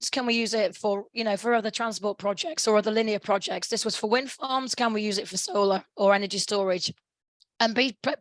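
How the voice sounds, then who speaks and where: A middle-aged woman with a hoarse, sore throat giving a webinar presentation over a video call. She often restarts her phrases and stops to clear her throat. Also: a little high, dry recording, rough recording. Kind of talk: conference presentation.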